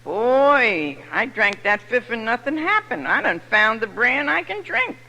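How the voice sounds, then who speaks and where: An older woman from New York with a New York accent, telling her personal story to an audience as a recovery meeting speaker, lively and humorous. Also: on the high side, a little slow. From New York City. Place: large meeting hall. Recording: echoey hall recording.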